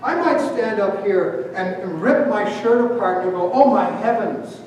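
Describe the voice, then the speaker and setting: A high-pitched, expressive male voice, taking things a little slowly, belongs to a pastor from Canada preaching in a church sanctuary. He tells stories and asks the congregation questions. The hall echoes, the mic is far off, and a faint hum lingers.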